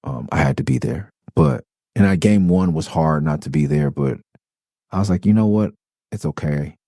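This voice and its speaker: A middle-aged podcast host from Los Angeles rambles through a story in a very low, gravelly voice, swearing freely and restarting his sentences. His tone is dark and mellow, recorded close and dry with no room sound. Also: animated, moderate pace, no room sound. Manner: loose, profane, rambling with restarts. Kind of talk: casual storytelling monologue.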